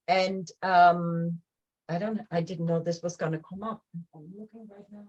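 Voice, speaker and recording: A woman hosting a casual spiritual talk show, chatty and animated, with many fillers and restarts. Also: lowish voice, moderate pace, rough recording. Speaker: host of a spiritual chat show.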